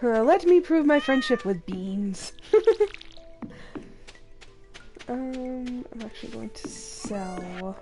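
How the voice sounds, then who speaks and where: A woman's voice: on the high side, animated, slow pace, long pauses. A young woman streaming a farming game, chatting casually and rambling through a story with many fillers and restarts, emotionally drained. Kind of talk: casual live-stream chat while playing. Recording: game music behind voice.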